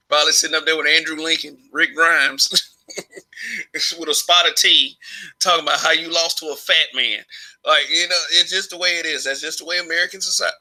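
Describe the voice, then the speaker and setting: Bright-voiced rambling man vlogger. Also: a little high, poor audio. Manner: rambling, frequent restarts and chuckles. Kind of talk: casual opinion monologue.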